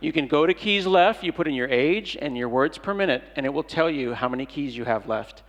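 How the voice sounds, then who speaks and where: In a large conference hall, a middle-aged man delivers a comedic keynote, joking playfully and acting out little dialogues. His voice is on the high side, lively, and a bit fast, with long hall reverb on the recording.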